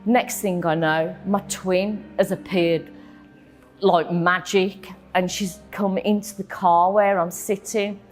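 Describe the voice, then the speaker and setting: A woman tells her own story in an interview, halting and emotional, with frequent ums and repeated words. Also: lowish voice, steady tone, faint music behind. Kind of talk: personal testimony in an interview.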